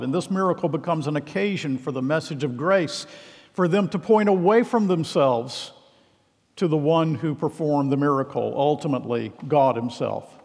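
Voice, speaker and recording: A man's voice: on the high side, long reverb tail. A man preaching a sermon, earnest and emphatic, pressing pointed questions on his hearers.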